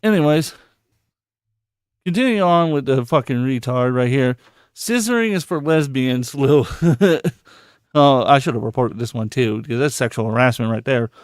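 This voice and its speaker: A man's voice: medium pitch, normal speed, no room sound, studio quality. A man hosting a casual live podcast, swearing constantly and mocking the posts he reads aloud. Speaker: podcast host.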